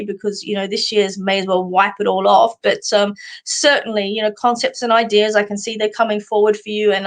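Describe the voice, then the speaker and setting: An Australian woman hosting a live stream of psychic card readings, talking in a warm, chatty way, full of fillers, and calling viewers sweetheart. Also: on the high side. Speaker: psychic medium host.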